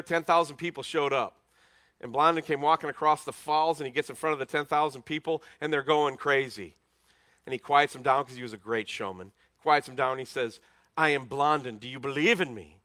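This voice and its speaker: Bright-voiced preacher swinging loud and hushed. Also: male voice, on the high side, dry recording. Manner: dramatic storytelling, swings from loud emphasis to hushed tones. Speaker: pastor. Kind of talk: sermon.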